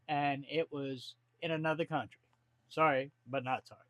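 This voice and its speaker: A man's voice: on the high side, fairly even intonation, normal speed, fairly bright tone, no echo. A man, talking bluntly and folksily to camera from his home office. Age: 40s. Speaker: vlogger. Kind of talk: casual to-camera monologue.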